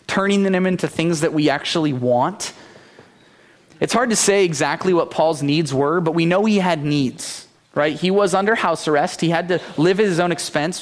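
A man preaching a sermon as pastor, earnest, asking rhetorical questions of the congregation. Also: a little high.

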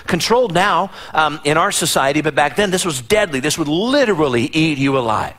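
A male pastor delivers a sermon with a voice pitched a little above the usual. He is dramatic, voicing the people of his stories, and often repeats and restarts his phrases. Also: lively intonation, a little fast, a bit bright. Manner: dramatic, acts out the Bible figures in voices.

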